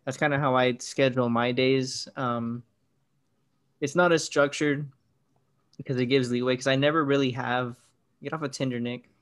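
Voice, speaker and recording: A man's voice: mid-range voice, fairly even intonation, moderate pace, long pauses, a bit bright, smooth. A young man co-hosting a podcast in rambling, joking casual chat. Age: young adult. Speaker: podcast co-host.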